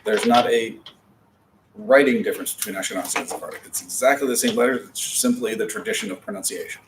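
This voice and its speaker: Man, class teacher, patient and chatty, lowish voice, distant mic with faint hiss. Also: quick pace. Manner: patient, explanatory, chatty asides. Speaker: Hebrew teacher. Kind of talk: classroom lecture.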